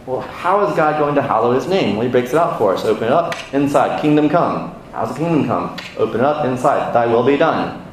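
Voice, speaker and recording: A man's voice: mid-range voice, lively intonation, fairly quick, hardly any pauses. An American man preaching a sermon in a conversational teaching manner, asking the congregation questions. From United States. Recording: very echoey room, faint noise.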